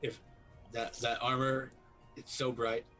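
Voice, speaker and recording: A man's voice: mid-range voice, level tone, takes it slowly, bright, forceful tone, soft background music, low-quality recording. A man playing a tabletop game, talking in an easygoing, earnest way. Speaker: player. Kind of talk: casual tabletop play.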